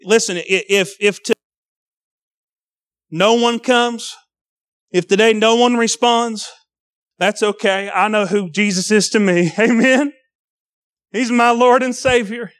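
A man's voice: high voice, steady tone, takes it slowly, pauses often, a bit bright, smooth, dry recording, clean studio sound. A young man preaching a sermon to a congregation, earnest and pleading, repeating his phrases as he calls people to the altar.

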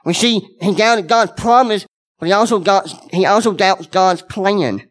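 A man's voice: high voice, unhurried. A man preaching a sermon, earnest and conversational, speaking directly to his congregation and repeating key words for emphasis.

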